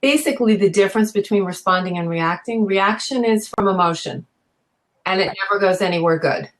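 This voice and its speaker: A woman parenting coach in a casual panel discussion, giving calm, measured advice. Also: medium pitch, low-quality recording.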